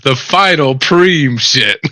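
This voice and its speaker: A man's voice: medium pitch, expressive, slow pace, sharp tone, dry recording. A man playing in a tabletop game, describing his character's actions casually and laughing often. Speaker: player.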